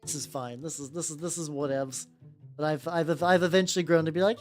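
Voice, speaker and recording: Gentle low-voiced woman chatting on stream. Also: steady tone, fairly quick. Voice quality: gentle, relaxing voice. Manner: rambling, with frequent restarts and swearing. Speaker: streamer painting miniatures. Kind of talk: casual chat. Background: faint background music.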